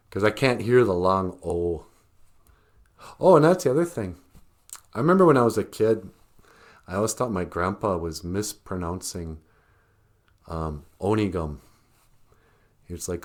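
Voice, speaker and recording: A man's voice: on the low side, lively intonation, unhurried, pauses often. A man from Minnesota, hosting a show in a casual joking monologue, rambling and chuckling often. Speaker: show host.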